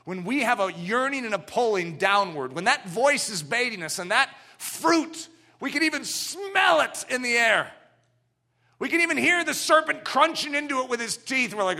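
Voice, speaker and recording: A middle-aged man preaching a sermon, swinging from loud declarations down to hushed, low passages. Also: sing-song, moderate pace.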